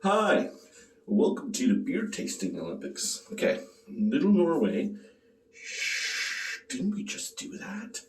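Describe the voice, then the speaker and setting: A man's voice: medium pitch, huge pitch swings, a little slow, roomy sound, far from the mic. A man casually tasting and reviewing a beer on his vlog, joking and swearing as he rambles.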